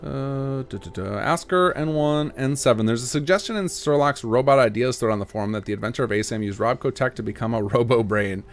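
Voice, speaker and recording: A man's voice: medium pitch, brisk, hardly any pauses. A man in his thirties chatting casually on a livestream, answering viewer questions in a rambling way with many fillers and restarts. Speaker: mod developer and streamer.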